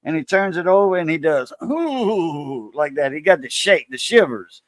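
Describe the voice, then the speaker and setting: A talkative Cajun man hosts a relaxed coin-collecting chat, his voice sitting a little high. He spins stories with gusto and slips into the voices of the people he talks about. The sound is close and dry. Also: brisk, dry recording. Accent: Cajun Louisiana. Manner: animated storyteller, acts out quoted voices. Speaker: coin-collecting channel host. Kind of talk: casual live-stream chat.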